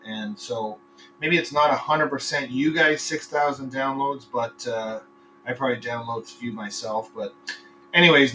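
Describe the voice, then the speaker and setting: Man, podcast host, bright voice, rambling and crude, far from the computer mic, faint hum. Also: medium pitch. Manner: rambling, swears freely, tells crude jokes. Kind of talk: casual live podcast chat. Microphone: computer microphone.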